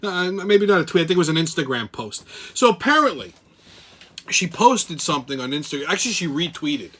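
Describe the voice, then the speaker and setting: A man's voice: fairly high pitch, big pitch swings, a little fast, fairly bright tone. A man hosting a weekly commentary show, ranting in a blunt, sarcastic and profane way.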